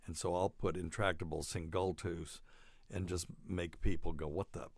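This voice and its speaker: Joking man with a low, dry voice. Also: little pitch movement, moderate pace, no room sound. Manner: joking, rambling, laughs often. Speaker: podcast host, doctor. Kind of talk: casual chat.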